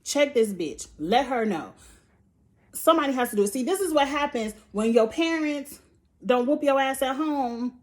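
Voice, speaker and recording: Pitched high and speaking at a normal pace, this female channel host reviews shows in a casual recap vlog. Her delivery is animated, blunt, and profane, packed with slang, and she performs quotes as she goes.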